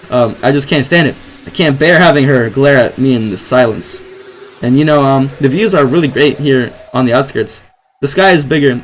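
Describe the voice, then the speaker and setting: A man's voice: mid-range voice, slight background noise, low-quality recording. A young man playing a visual novel, reading the text aloud and rambling hesitantly between lines, full of fillers and restarts.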